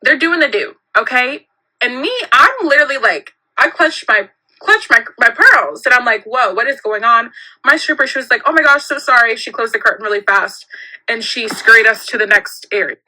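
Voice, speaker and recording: A young woman tells a personal story in a high, very bright voice. She is animated and giggly, and she acts out every line of dialogue. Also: moderate pace, low-quality recording.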